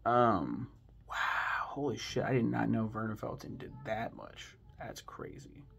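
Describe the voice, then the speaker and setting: A man's voice: on the low side, unhurried, vocal fry, muffled recording. A man hosting a casual film commentary from home, rambling and swearing freely between lots of ums, with the eager tone of a fan. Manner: rambling and profane, with frequent ums; enthusiastic fan tone. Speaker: movie review host. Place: home with kids nearby.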